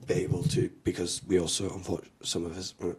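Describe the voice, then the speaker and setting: Low, husky, halting man comedian. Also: monotone, darkish tone. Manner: rambling, halting with many fillers. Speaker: comedian guest. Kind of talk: interview chat.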